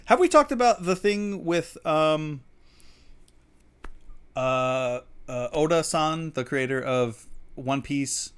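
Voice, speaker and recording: A man's voice: on the high side, expressive, slow pace, pauses often, a bit bright, smooth. A man co-hosting a livestreamed talk show, chatting casually with lots of fillers and frequent laughter. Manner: rambling, laughs often, many fillers. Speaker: podcast co-host. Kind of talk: casual chat. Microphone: studio mic on a livestream.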